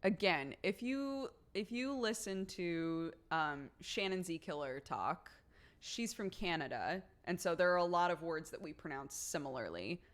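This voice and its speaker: An American woman streamer chatting casually with her viewers, chatty and quick to laugh, with lots of "like" fillers. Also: fairly low pitch, expressive. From United States.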